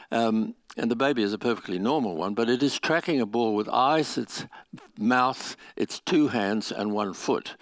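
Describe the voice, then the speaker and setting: A man's voice: lowish voice, creaky, no room sound. A man giving an academic conference lecture, explaining step by step with restarts and small laughs. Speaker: conference speaker. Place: lecture venue.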